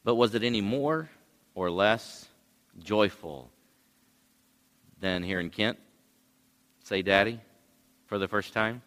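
In a church hall with long reverb, a male pastor preaches in a slow, low, bright voice. At times his sermon swells into loud cries.

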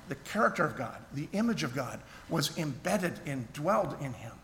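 A man with a fairly high, bright, forceful voice preaches a sermon, earnest and conversational, restarting phrases as he goes. His voice carries a long echo through a church hall over faint background noise. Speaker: pastor.

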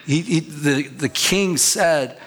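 A pastor preaches a sermon conversationally, often asking his listeners questions. His male voice is fairly high, slow, and a bit bright.

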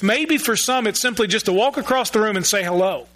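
Male pastor, high bright voice, earnest sermon, stumbles over repeated words. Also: brisk, hardly any pauses, low-quality recording. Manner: earnest, repeats words while searching for phrasing. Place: church sanctuary.

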